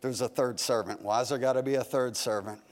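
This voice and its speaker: A male pastor delivering a folksy, animated sermon, acting out little asides as he goes. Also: medium pitch, a little fast. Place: church sanctuary. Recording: long reverb of a large hall.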